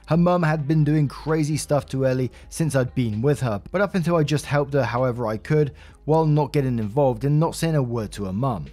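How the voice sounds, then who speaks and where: A man reads a Reddit story aloud, casual and chatty, with asides along the way. His voice sits at an average pitch over faint background music. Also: brisk, darkish tone. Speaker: story narrator.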